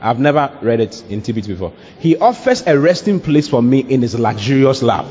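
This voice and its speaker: A man preaching an animated sermon, laughing, mimicking voices and breaking into shouts. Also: mid-range voice, brisk, a little hiss or hum. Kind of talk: lively sermon. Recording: dull lo-fi recording.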